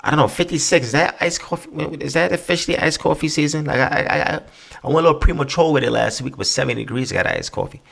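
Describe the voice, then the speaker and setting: A man with a slightly high, gravelly voice talks fast as he hosts his podcast solo. His casual rant is profane, rambling, and full of energy.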